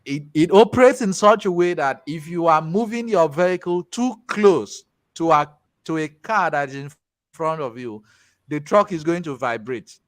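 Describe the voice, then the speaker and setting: A man from Nigeria with a Nigerian accent, teaching a tech class in a chatty, animated way with pidgin asides. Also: a little high, normal speed, dry recording. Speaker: tech instructor. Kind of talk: casual class talk with storytelling.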